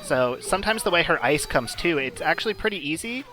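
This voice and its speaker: A man's voice: on the high side, lively intonation, brisk, bright, forceful tone. Male co-caster, casual and explanatory, faint music underneath. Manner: chatty, explanatory, filler-heavy. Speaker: commentator. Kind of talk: casual esports commentary.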